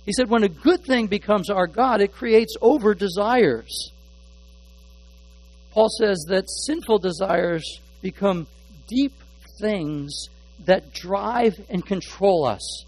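A man preaching from the pulpit in a high, light voice. He stumbles and repeats little words as he gropes for a phrase. Then he leans hard on single words before dropping back to a near murmur. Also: low-quality recording. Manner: halting, repeats words while searching for phrasing; shifts between hushed asides and emphatic stressed words. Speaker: pastor. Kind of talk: sermon.

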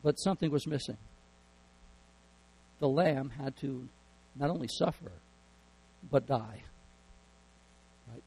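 A man's voice: medium pitch, dark tone, breathy edge, poor audio. A man preaching a sermon earnestly, often repeating words as he builds emphasis. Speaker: pastor.

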